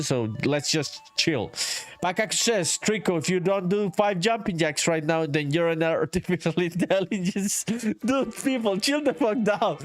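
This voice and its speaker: A man live-streaming his game development, chatting casually with viewers, reading their messages aloud, laughing often, swearing and saying "dude" a lot. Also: sits high. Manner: reads chat messages aloud.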